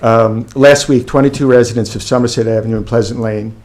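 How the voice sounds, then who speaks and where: A man's voice: mid-range voice, fairly even intonation, fairly quick, darkish tone. A man, a local resident, reading a firm, factual prepared statement during public comment at a village board meeting.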